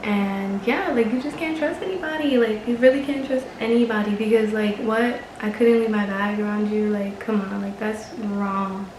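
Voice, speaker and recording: A woman's voice: mid-range voice, normal speed, few pauses, echoey room, background noise. A young woman vlogger telling a casual story, chatty and exasperated, swearing and laughing often.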